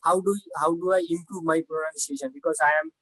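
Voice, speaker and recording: A woman's voice: sits low, steady tone, fast, fairly bright tone, dry recording, rough recording. A young woman with a Bengali accent, a native Bengali speaker learning English, talking hesitantly and repeating words on a video call. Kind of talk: online lesson conversation.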